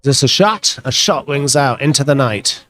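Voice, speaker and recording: A man's voice: medium pitch, lively intonation, normal speed, pushed and bright. Man giving wry backgammon commentary. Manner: chatty, wry, given to playful exclamations.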